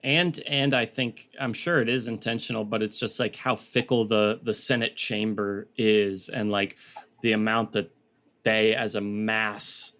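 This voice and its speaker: A man's voice: on the low side, steady tone, unhurried, a bit bright. A man co-hosting a podcast in casual chat, rambling with many fillers and slipping into goofy voices when he quotes people. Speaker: podcast co-host.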